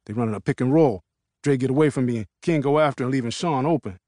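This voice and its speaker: A man's voice: medium pitch, quick pace, mellow, no echo, clean studio sound. A man narrating an audiobook in the first person, in a laid-back, casual street vernacular.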